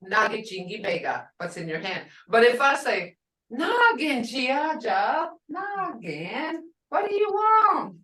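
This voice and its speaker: A woman's voice: medium pitch, very animated, moderate pace, few pauses, bright, forceful tone. A woman teaching a language class, drilling words aloud and asking students whether each sound is short or long. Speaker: language instructor. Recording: roomy classroom audio from far off.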